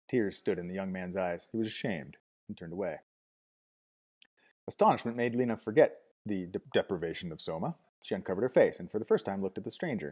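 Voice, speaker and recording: A man narrates a novel in a low, mellow voice with a husky edge. His reading is steady and measured, with occasional small restarts. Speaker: audiobook narrator.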